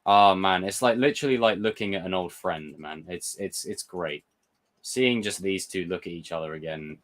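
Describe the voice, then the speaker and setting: A young man hosting a live chat, excitable and swearing, answering viewer comments. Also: deep voice, normal speed. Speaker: livestream host reviewing a TV episode. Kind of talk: casual live reaction chat.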